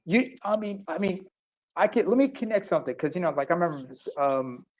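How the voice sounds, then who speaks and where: A man in casual stream chat who talks in a halting, soft-spoken, emotional way. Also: high voice, lively intonation, highs cut off.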